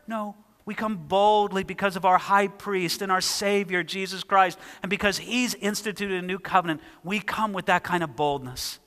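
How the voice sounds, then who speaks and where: High, bright-voiced preaching man in a hall. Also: normal speed, hardly any pauses. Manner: animated preaching, reading scripture aloud with emphasis. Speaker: pastor. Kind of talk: sermon.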